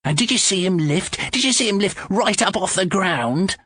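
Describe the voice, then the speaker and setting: A man voicing an excitable, nervous male accomplice who speaks in a high, strained, pleading voice. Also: moderate pace, no echo, studio quality, exaggerated voice. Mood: triumphant.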